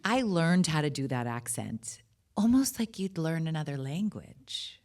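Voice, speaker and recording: A woman with a strikingly low, deep speaking voice, talking as a guest at a live on-stage interview. She is candid and chatty, with lots of asides and casual fillers. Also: animated, a little slow, darkish tone. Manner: chatty and candid, frequent laughs and "like". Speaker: filmmaker and actor, interview guest. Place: cinema auditorium with live audience.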